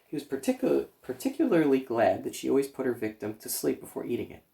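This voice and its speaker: Male reader, bedtime chapter book read-aloud; gentle, a bit gravelly. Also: mid-range voice, wildly swooping pitch, fast. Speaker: children's librarian reader.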